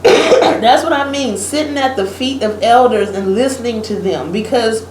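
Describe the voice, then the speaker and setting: A woman's voice: a little high, moderate pace. A woman co-hosting a casual political chat, telling a story and acting out what others said, laughing often. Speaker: podcast co-host. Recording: echoey room with faint ambient hiss.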